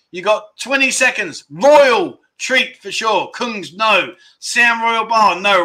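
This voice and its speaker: A man hosting a casual livestream chat, excitedly running through viewers' guesses and reading out their comments. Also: high-pitched. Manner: excitable, runs through a rapid list of guesses. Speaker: livestream host. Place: his home in Pattaya, indoors.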